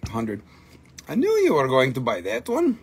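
A man's voice: medium pitch, wildly swooping pitch, moderate pace, gravelly, breathy edge. A man hosting a live stream where he sells minerals, chatting casually and joking around, and talking to his dogs between items. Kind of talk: casual live sales chat.

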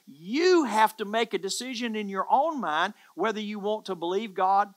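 Earnest bright-voiced preacher. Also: mid-range voice, normal speed, few pauses. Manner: earnest, emphatic preaching with repeated phrases. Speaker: pastor. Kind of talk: sermon.

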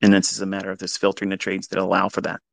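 A man teaching trading in a live audio talk, blunt and heavily profane, swinging between loud emphatic bursts and quieter asides. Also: deep voice, completely flat delivery, rapid-fire, gravelly, dry recording. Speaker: trading educator.

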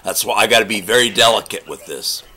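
Deadpan prank caller guy, rambles on, bright sharp voice. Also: lowish voice, fast talker. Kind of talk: prank call.

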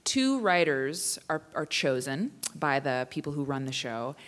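A woman in her thirties who performs spoken word poetry and chats casually with high school students in a self-deprecating way. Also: measured pace. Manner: chatty, self-deprecating, expressive poetry reading. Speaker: writer and performer.

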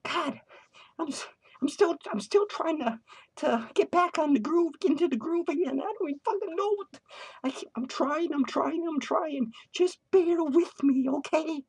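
A man playing an unhinged, foul-mouthed clown who rants in a high, shrill voice with cackling laughs, tipsy and hyper, in a comedic character vlog. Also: moderate pace. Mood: manic ranting. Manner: crude swearing rants, giddy and drifting. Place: home studio.

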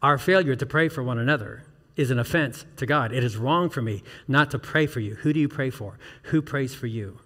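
A man's voice: medium pitch, a little fast, fairly bright tone, long reverb tail. A male pastor preaching an earnest sermon, asking the congregation questions and building to emphatic peaks. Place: church sanctuary.

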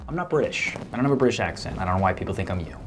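A man's voice: low-pitched, animated, very fast, a little hiss or hum. A man, a guest creator, talking casually to camera with wry joking asides.

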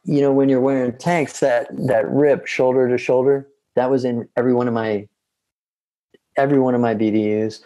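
A man's voice: medium pitch, fairly even intonation, normal speed, warm tone. A man, a podcast guest, telling long casual stories with rambling restarts. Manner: rambling, self-interrupting anecdotes. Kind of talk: casual storytelling.

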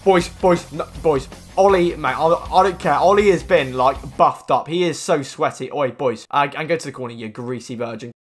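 A young man commenting on his own football video game match, muttering complaints and then shouting at big moments. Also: fairly high pitch, moderate pace, hardly any pauses, faint music behind. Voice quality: expressive, with slang and swearing. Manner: swings from mumbled grumbling to screaming at the game. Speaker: gaming commentator.

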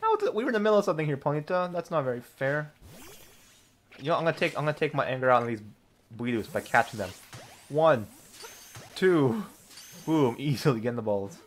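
Excitable young man with a lively voice. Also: on the high side, fairly quick, long pauses, slight background noise. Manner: excitable, laughing, loud outbursts. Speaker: gaming video creator. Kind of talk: let's-play commentary.

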